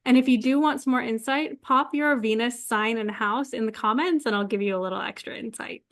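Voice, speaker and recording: A young woman giving relaxed, chatty astrology advice straight to her viewers, laughing often and sprinkling in "like". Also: fairly high pitch, fairly quick. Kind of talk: casual solo advice talk to camera.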